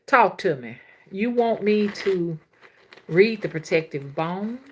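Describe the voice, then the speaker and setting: A woman's voice: medium pitch, a little slow. A woman, hosting a casual livestream as a spiritual reader and chatting with viewers. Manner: chatty, laughs often, slangy and animated.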